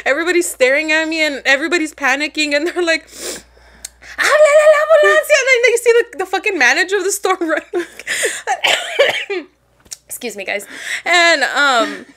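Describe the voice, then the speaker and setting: A woman's voice: sits high, sing-song, normal speed, bright, forceful tone. A woman co-hosting a podcast, telling a story in casual chat, laughing often, swearing and slipping into Spanish. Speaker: podcast co-host.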